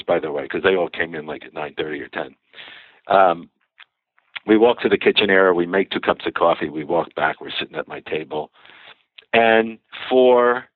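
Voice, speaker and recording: A man's voice: lowish voice, no echo. Older man telling stories over a phone-like line. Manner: anecdotal, acts out quoted dialogue, frequent "you know". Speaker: guest, former bank executive. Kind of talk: storytelling interview.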